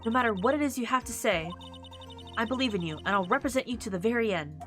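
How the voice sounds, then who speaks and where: A woman voicing a young female defense attorney in a courtroom video game, speaking in a gentle, earnest, reassuring way. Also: a little high, expressive, fast talker, faint music behind.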